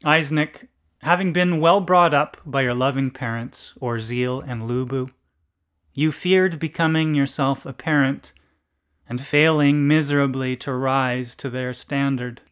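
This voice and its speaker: A man reading a literary story aloud in a deliberate, deadpan narration. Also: medium pitch, smooth.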